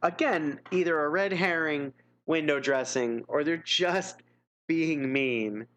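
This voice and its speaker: Slow, wry man chuckling through a gamebook. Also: on the high side, a bit bright. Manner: chuckles often, wry and self-mocking. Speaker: streamer reading an interactive gamebook. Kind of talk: casual live-stream chat and reading aloud.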